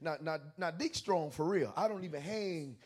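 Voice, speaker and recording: A male pastor preaching a sermon with comic stories, animated, with stammering restarts that build into shouts. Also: fairly high pitch, normal speed, slightly rough.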